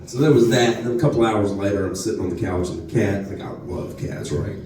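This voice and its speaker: A man's voice: lowish voice, fast, warm tone, distant mic, slight background noise. A man with a North Louisiana Southern accent doing a live stand-up set, telling crude, profane stories full of asides. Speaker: stand-up comedian. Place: comedy club stage. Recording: echoey club room, voice from off mic.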